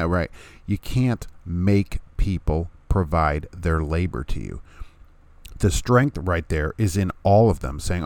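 Sarcastic man with a low voice. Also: darkish tone. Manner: sarcastic, emphatic, chuckling to himself. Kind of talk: opinionated monologue.

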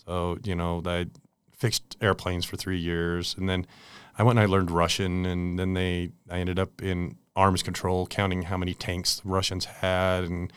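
A man's voice: deep voice, completely flat delivery, normal speed, smooth, dry recording, studio quality. An American man in his forties, a guest in an interview, telling stories in a chatty way with laughs. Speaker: guest, product manager. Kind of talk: casual interview storytelling.

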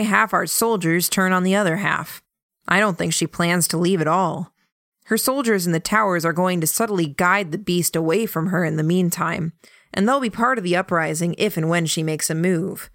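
A woman voicing a wry, tired young man in a dry, measured way. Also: fairly low pitch, fairly bright tone, no echo.

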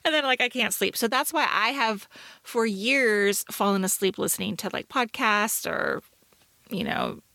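A woman's voice: mid-range voice, measured pace, vocal fry, sharp tone, no room sound. A middle-aged woman co-hosting a podcast, telling a self-mocking story in casual chat, full of fillers. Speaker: podcast co-host.

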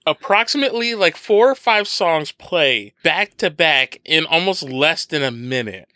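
A man talking films in a relaxed podcast chat, his pitch bouncing up and down as he gets excited. His voice is bright and a little high, recorded close with no room sound. He jokes around and slips into quick mock impressions. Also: no echo. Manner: animated, laughs often, does mock impressions. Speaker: podcast co-host. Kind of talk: casual film review chat.

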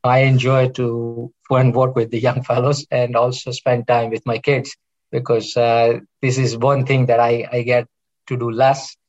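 A man's voice: mid-range voice, little pitch movement, measured pace, muffled recording. A middle-aged man, a cardiologist guest, chatting casually and telling rambling stories with many restarts. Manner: rambling, warm storytelling with restarts. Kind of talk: casual interview chat.

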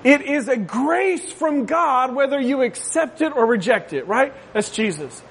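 A pastor preaching a sermon in a conversational way, often checking with listeners and adding jokey asides. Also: male voice, very high-pitched, expressive, unhurried, fairly bright tone, slight background noise. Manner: conversational, asks the crowd "right?".

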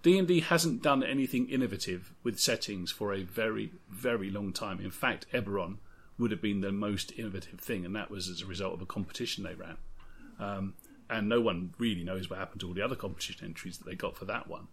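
A man with a lowish, creaky, husky voice talks fast as a podcast co-host. He rambles and offers plenty of opinions in a relaxed chat about tabletop games.

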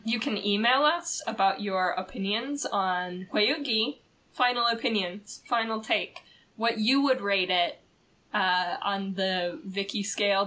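A woman co-hosting a podcast in casual chat, talking in an excitable, chatty way with plenty of fillers. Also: mid-range voice, slight background noise. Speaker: podcast co-host.

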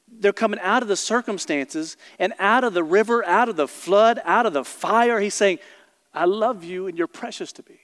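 A man's voice: high-pitched, fairly bright tone. A male pastor preaching a sermon to his congregation with passion, stressing words and repeating phrases to drive them home. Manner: impassioned, emphatic, repeats phrases, speaks straight to the congregation. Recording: long hall reverb.

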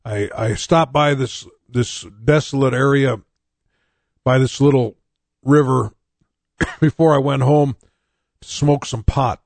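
A man's voice: medium pitch, steady tone, takes it slowly, gravelly, pauses often, a little mellow, no room sound. Candid pastor in his sixties, dry sound. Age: 60s. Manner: candid and conversational, with frequent restarts and wry self-mockery. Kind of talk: personal testimony in a sermon.

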